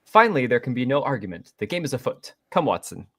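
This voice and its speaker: A man reading an android who plays a prim detective, with crisp, clipped deductive delivery at a live table read. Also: mid-range voice, very animated, fast talker, a bit bright. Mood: deducing.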